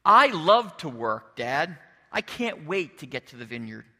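An overly dutiful young son gushes to please, put on by a man. He sounds bright and high, with a bouncing pitch, and a long church-hall echo trails behind him. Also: sing-song, measured pace, vocal fry, full character voice. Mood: eager. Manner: gushing, people-pleasing.

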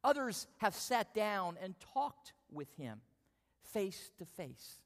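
A man preaching a sermon, telling a lively self-deprecating personal story before drawing the lesson. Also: high voice, slow. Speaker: pastor. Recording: long hall reverb.

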